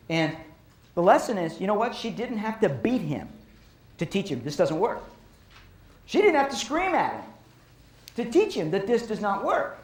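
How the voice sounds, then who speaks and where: A man giving a storytelling lecture to an audience on violence prevention, animated and repeating phrases for emphasis. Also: sits high, normal speed, pauses often. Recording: roomy echo.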